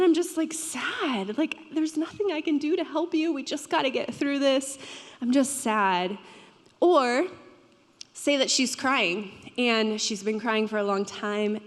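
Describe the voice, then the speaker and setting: A woman's voice: a little high, fairly bright tone. Conversational young woman pastor preaching. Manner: conversational, asks the audience questions. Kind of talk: sermon. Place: church hall. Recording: long hall reverb.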